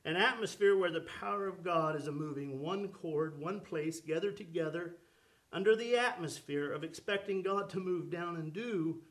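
A man with a fairly high voice preaching with fervent energy. He calls out questions and affirmations to his congregation as he drives his sermon along. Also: moderate pace, fairly bright tone.

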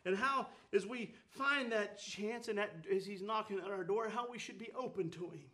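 Preacher, male, high bright tone, folksy fervent sermon delivery with repeated phrases. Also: moderate pace.

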